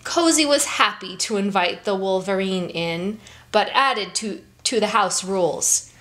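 A woman hosting a children's story time, reading a picture book aloud in an expressive, unhurried storytelling manner. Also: mid-range voice.

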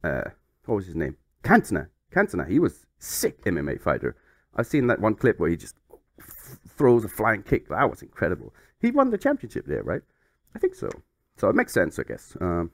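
A man's voice: on the low side, huge pitch swings, moderate pace, no echo, studio quality. A man hosting a comedic game playthrough, playful and mock-flustered as he rambles along. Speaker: YouTube gaming host.

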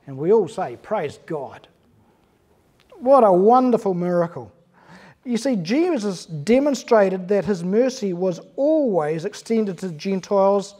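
Earnest New preacher, mellow tone. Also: mid-range voice. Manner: earnest, emphatic expository preaching with rhetorical questions. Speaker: pastor. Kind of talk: sermon. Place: church.

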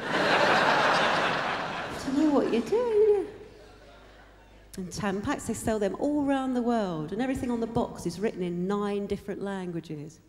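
Female stand-up, chatty and dry, lively pitch, live hall reverb. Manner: chatty, offhand storytelling with dry punchlines. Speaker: stand-up comedian.

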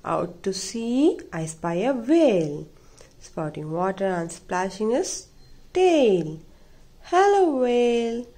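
A woman's voice: medium pitch, very animated, slow pace, dark tone. A woman reading a children's picture book aloud in a playful, sing-song way. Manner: sing-song, playful, imitates animal sounds. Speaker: storybook reader.

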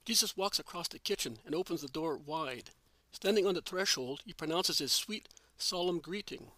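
A man's voice: a little high, moderate pace, bright, forceful tone, no echo. Man narrating a religious story. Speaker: reader.

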